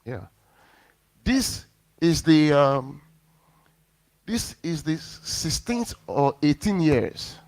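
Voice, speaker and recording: A man's voice: fairly high pitch, extremely slow, pauses often. A male pastor preaching a sermon, telling a personal story and acting out the lines of the people in it. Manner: animated storyteller acting out quotes.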